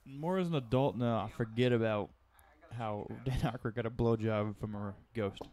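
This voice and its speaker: A man's voice: mid-range voice, moderate pace, a little mellow, a little hiss or hum. A man co-hosting a casual horror movie commentary, laid-back and slangy, swearing often. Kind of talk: casual chat.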